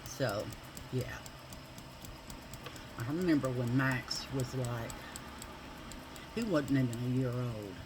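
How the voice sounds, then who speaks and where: Slow-talking woman telling stories. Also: extremely low pitch, expressive, background noise. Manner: chatty, rambling, with many fillers. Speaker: makeup vlogger. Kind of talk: casual storytelling while doing makeup.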